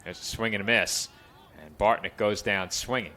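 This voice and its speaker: Bright-voiced college baseball play-by-play man. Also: on the low side, normal speed. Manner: chatty, lifts his voice for game action. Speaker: play-by-play announcer.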